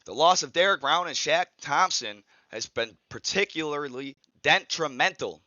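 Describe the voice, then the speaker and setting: A man's voice: on the high side, animated, moderate pace, few pauses, sharp tone, no room sound, highs cut off. A man hosting a sports podcast, ranting in a heated, profane, repetitive way. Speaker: podcast host. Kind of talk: angry sports podcast rant.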